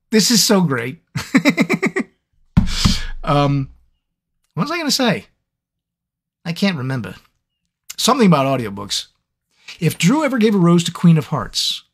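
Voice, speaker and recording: His voice is a little high and husky. He's an audiobook narrator taking fan questions on a live stream, bantering playfully and telling stories with animated flair.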